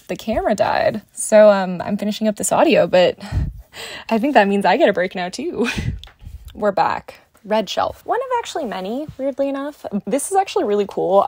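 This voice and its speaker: A woman's voice: medium pitch, sing-song, moderate pace, a little mellow, no room sound. A young woman giving a casual, chatty tour of her bookshelves at home, gushing and rambling as she goes. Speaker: book vlogger. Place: home bookshelf room, Las Vegas.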